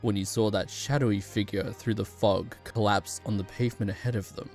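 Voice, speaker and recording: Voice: low-pitched, fairly even intonation, a little fast, a little mellow, faint music behind. A streamer chatting casually while playing a story game, laughing often, swearing and restarting sentences. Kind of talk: casual live gameplay chat.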